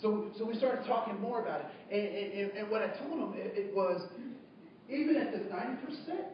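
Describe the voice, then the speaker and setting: A man giving a storytelling talk as a trainer, animated, asking the audience questions and acting out both sides of a conversation. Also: high-pitched, a little fast, slight background noise. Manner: animated, asks the audience questions, acts out dialogue. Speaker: diversity trainer. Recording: echoey room from far off, dull.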